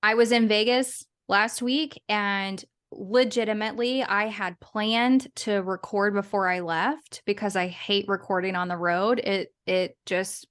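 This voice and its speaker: A woman's voice: mid-range voice, fairly even intonation, a little slow, hardly any pauses, a bit bright, smooth. A woman guest in a casual interview, talking in a chatty, rambling way with frequent restarts and small laughs. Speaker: guest, business owner and podcaster.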